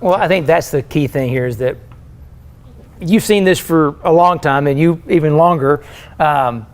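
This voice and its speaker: A man hosting a casual technical panel, eager and agreeable, often chiming in. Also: fairly high pitch. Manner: eager, agreeable, quick to chime in.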